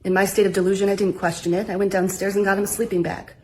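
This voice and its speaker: Woman, mid-pitched voice, deadpan, matter-of-fact rebuttal, faint hiss. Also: racing. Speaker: comedic vlogger, wife. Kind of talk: mock courtroom rebuttal.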